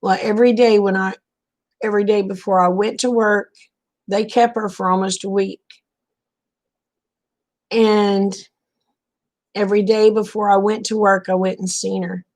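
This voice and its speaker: A woman's voice: medium pitch, level tone, measured pace, pauses often, a little mellow. A middle-aged woman, telling a long homespun story in a casual vlog, full of "he said" asides. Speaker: vlogger. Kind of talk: casual late-night storytelling.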